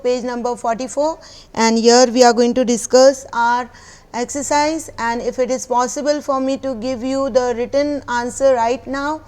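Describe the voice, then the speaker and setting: High-voiced Indian woman teaching a class. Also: darkish tone. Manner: patient, explanatory, repeats phrases, mixes in Hindi. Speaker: school teacher. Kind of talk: recorded online class lesson.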